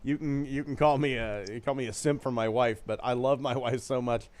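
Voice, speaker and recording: A man's voice: medium pitch, steady tone, a little mellow. Rambling, swearing young man hosting a podcast. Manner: rambling, swears freely, quick to laugh at himself. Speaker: podcast host reading viewer comments. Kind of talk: casual podcast chat.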